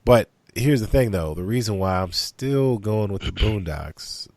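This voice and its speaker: Male co-host with a lowish voice, easygoing and teasing, dry close recording. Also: animated, unhurried, darkish tone, no echo. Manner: laid-back, teasing. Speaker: podcast co-host. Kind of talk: casual chat.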